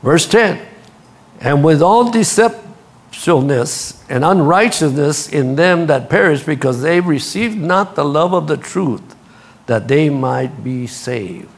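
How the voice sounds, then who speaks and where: A man preaching a sermon, telling stories with lively energy and speaking straight to his congregation. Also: fairly high pitch, slow pace, gravelly. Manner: animated storytelling, acts out quotes, laughs at his own stories; addresses the congregation directly. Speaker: pastor.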